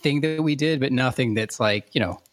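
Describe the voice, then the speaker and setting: A man in casual podcast chat, upbeat and quick to laugh. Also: mid-range voice.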